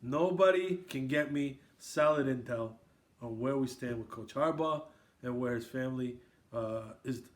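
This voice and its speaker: A man's voice: medium pitch, normal speed. A man from Queens hosting a casual sports podcast, riffing and raising toasts. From Queens, New York. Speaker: podcast host.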